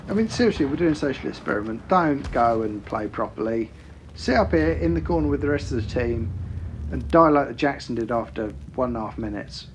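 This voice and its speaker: A man's voice: mid-range voice, expressive, brisk, a little hiss or hum. A man giving sarcastic, swearing commentary over his own tank gameplay, mock-quoting his teammate in exaggerated voices. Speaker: gaming YouTuber.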